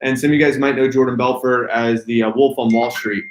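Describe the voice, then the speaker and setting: Man, sales trainer, animated workshop talk, emphatic word stress, medium-pitched, echoey room. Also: fairly quick, a little hiss or hum.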